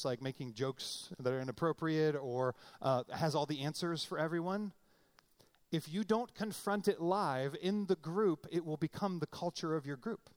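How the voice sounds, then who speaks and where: A middle-aged man preaches a sermon in an easy, conversational way. He breaks into playful voices for quoted lines, and his voice sits somewhat high for a man. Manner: conversational, animated, acts out quotes with comic voices. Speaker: pastor.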